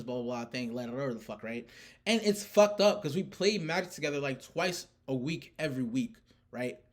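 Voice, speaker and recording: A young man ranting casually about a card tournament, rambling with lots of fillers and swearing. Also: on the high side. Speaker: player recounting a card tournament. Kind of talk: casual rant.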